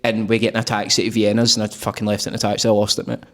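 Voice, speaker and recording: A man with a Glaswegian accent hosting a podcast, full of matey banter and quick to laugh. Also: lowish voice, little pitch movement. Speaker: podcast host. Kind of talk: casual chat.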